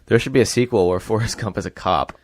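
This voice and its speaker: A man's voice: lowish voice, fast, no room sound. A young man co-hosting a casual comedy talk show on college radio, laughing and adding joke ideas. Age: young adult. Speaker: co-host.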